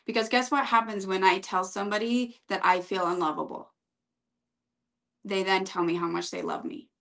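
A woman guest on a podcast, speaking in an earnest, steady, reflective way. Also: mid-range voice, moderate pace, gravelly. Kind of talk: casual interview chat.

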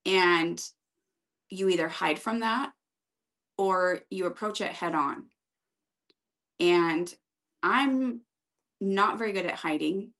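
A woman guest on a podcast, speaking in an earnest, steady, reflective way. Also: lowish voice, slow, long pauses. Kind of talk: casual interview chat.

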